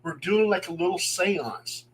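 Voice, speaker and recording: A middle-aged man, a paranormal investigator, telling true ghost stories in an animated way, acting out the voices he quotes. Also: sits high, measured pace, slight background noise, rough recording. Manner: animated, acts out quoted voices, chuckles as he talks. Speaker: paranormal investigator and guest storyteller.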